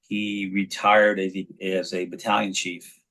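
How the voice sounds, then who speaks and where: Man in his forties, low-pitched, lively anecdotes, casual interview guest. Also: measured pace. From New York. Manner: animated storyteller, frequent restarts. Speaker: guest, actor and children's author.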